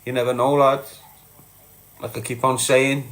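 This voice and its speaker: A man's voice: medium pitch, flat delivery, unhurried, a bit bright. A Scouse man from Liverpool, middle-aged, reading his chat live and answering viewers bluntly, calling everyone lad and mate.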